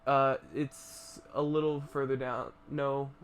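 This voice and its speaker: A young man co-hosting a podcast in casual chat, excitable, laughing often and acting out scenes as he tells them. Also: mid-range voice, slow pace, a little hiss or hum. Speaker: podcast co-host.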